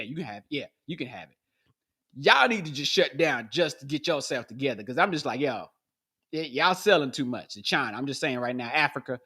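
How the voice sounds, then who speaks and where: A man hosting a podcast, delivering a comedic monologue with goofy sound effects, jumping from high yelps to low mutters. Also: pushed and bright, slightly rough. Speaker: podcast host.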